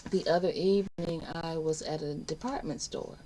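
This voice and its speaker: A woman's voice: low-pitched, steady tone, normal speed, warm tone, slight background noise, low-quality recording. A woman teaching a casual online life skills class, chatty and emphatic, acting out little exchanges. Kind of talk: casual spoken lesson to camera.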